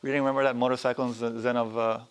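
A man's voice: mid-range voice, level tone, rapid-fire, clear, resonant tone. A man leading a spiritual workshop in a loose, casual way, swearing freely and acting out voices when he tells stories. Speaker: workshop teacher. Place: workshop hall.

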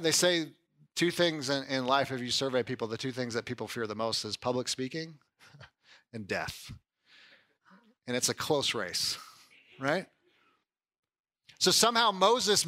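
A male pastor delivering a sermon in a relaxed, conversational style. His voice is bright and sits a little high. He keeps checking in with the listeners and turns lively when he acts out someone's doubts. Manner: conversational, animated when voicing doubts, frequent "like" and "right?".

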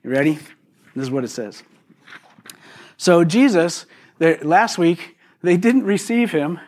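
Guy preaching in church, chatty, kinda higher voice, keeps asking the room stuff. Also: expressive, a little slow, darkish tone. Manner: conversational, asks the congregation questions. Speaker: pastor. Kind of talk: sermon.

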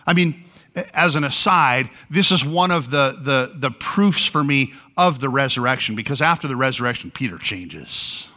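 Animated male preacher with a bright voice. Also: medium pitch, moderate pace. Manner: animated storytelling, acting out quoted lines. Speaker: pastor. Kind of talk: sermon.

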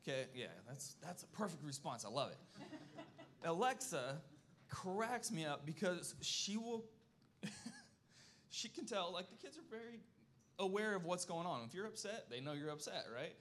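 A man's voice: high-pitched, expressive, moderate pace, fairly bright tone. A man in his thirties giving a personal testimony at church, earnest and folksy, often checking in with "okay?" and fighting back tears. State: emotional, close to tears. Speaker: church speaker.

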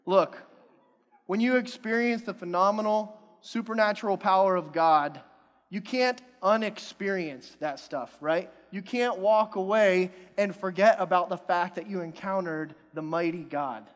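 A man's voice: high voice, measured pace. A young adult man preaching a sermon in a church hall, in a casual, joking and self-deprecating way. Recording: long hall reverb.

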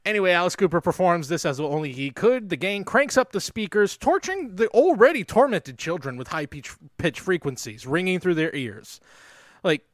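A man's voice: high-pitched, expressive, normal speed, no echo, clean studio sound. A young man co-hosting a podcast, recapping a movie in casual, sarcastic chat and swearing now and then. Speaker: podcast co-host.

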